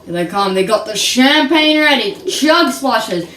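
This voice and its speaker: A woman giving playful, excitable mock race commentary on a video game, sometimes singing her calls. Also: a little high, a little slow, reverberant, far from the mic, slight background noise.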